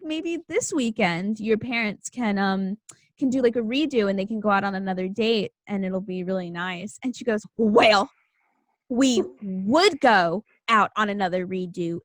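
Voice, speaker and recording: A young woman hosting a podcast, telling stories in a casual, animated way and acting out the voices of the people in them. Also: a little high, measured pace, no room sound. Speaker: podcast host. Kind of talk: casual storytelling chat.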